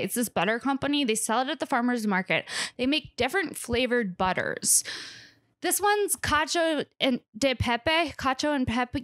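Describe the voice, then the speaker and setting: A woman's voice: a little high, a bit bright, no echo, studio quality. A woman comedian rambling through a tour of her fridge, sarcastic and self-mocking, swearing freely and a little out of breath. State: slightly out of breath. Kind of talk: casual rambling monologue. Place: home kitchen.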